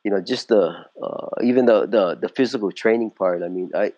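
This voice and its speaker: A man's voice: on the low side, a little fast, mellow, dry recording, dull audio. A man in his sixties from California, telling his story in a casual interview, rambling with many fillers and restarts. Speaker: martial arts instructor, interview guest.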